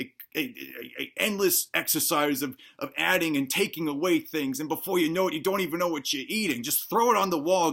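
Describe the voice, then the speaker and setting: A man's voice: on the high side, a bit bright. A man playing a bumbling, self-assured cop who gives absurd advice, rambling and stammering in a mock-earnest way. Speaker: comedic self-help presenter. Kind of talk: deadpan comedy sketch.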